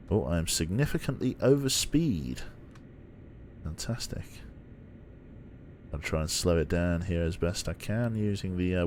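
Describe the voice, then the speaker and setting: A man's voice: lowish voice, a little mellow, slight background noise. A young British man streaming a train game, chatting playfully and teasing his viewers between yawns. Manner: playful, self-mocking, yawning and laughing at chat. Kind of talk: casual live-stream commentary.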